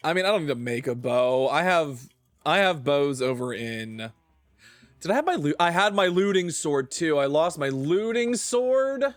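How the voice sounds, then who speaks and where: A man's voice: a little high, lively intonation, normal speed, dry recording. A man streaming a video game, talking to himself and to chat, groaning and sighing over what he has lost. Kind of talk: casual gaming livestream commentary.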